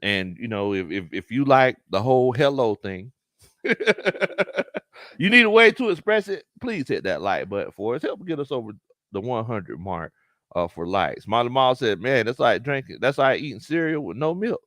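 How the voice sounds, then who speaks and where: A man's voice: on the low side, lively intonation, normal speed, dry recording, studio quality. A man with a Southern US accent hosting a casual sports livestream, reading chat comments aloud, repeating himself and laughing often. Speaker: sports talk show host reading live chat.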